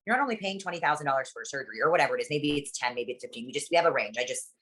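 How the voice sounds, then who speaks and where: A woman who coordinates surgery patients, chatting in an interview in a rapid, animated and blunt way, swearing freely and often asking "you know what I'm saying?". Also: a bass voice, slightly rough. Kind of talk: casual interview chat.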